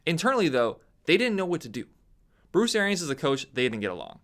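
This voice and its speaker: A young man delivering an opinionated sports rant straight to the camera. His voice is bright and forward, and he gets animated, jumping higher in pitch whenever he mocks someone. He sounds like a fired-up commentator arguing his case. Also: fast talker. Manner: animated, ranting, voice leaps up when mocking others. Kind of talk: opinionated sports talk monologue.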